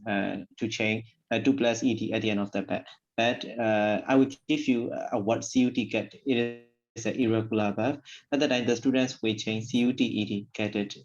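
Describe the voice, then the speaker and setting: A man's voice: on the low side, dull audio. A man, a trainee teacher, asking a question in class and hesitating with many fillers.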